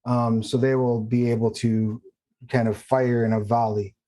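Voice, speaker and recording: Mellow-voiced man running a tabletop game. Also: medium pitch, level tone. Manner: measured, explains patiently. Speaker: game master.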